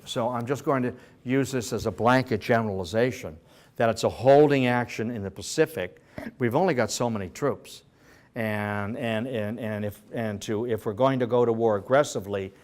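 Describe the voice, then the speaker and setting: Animated male history lecturer, joking asides. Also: medium pitch. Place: senior center hall.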